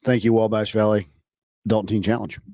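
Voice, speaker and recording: A man's voice: lowish voice, level tone, brisk, mellow, no echo, studio quality. A man co-hosting a casual podcast, joking around and reading through a list of sponsors. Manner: jokey, reads sponsor list. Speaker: podcast co-host. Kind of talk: casual chat.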